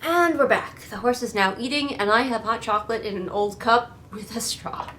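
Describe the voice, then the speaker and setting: A woman's voice: a little high, moderate pace, a bit bright, a little hiss or hum. A woman with a nasal voice, sitting in a chair at home and giving a sarcastic, casual critique of a book. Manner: sarcastic, snarky. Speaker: book reviewer.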